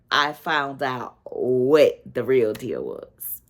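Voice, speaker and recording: A middle-aged woman tells a personal story in a relaxed vlog chat. Her voice sits low and her pace is slow and drawn out. She acts out what people said as she goes. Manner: animated storyteller, acts out quotes with a higher voice. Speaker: vlogger telling a personal story.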